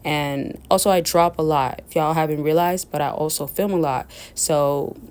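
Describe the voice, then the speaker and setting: A woman's voice: low voice, fairly even intonation, normal speed, darkish tone, smooth. A woman dating coach talking straight to her male viewers in a casual, rambling advice monologue, often calling them y'all. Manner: rambling, chatty, keeps addressing listeners as y'all.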